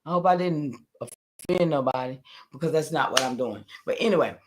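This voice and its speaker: A low-pitched, fairly quick voice belongs to an older woman streaming live. Casual and insistent, she meanders along and answers comments from the chat.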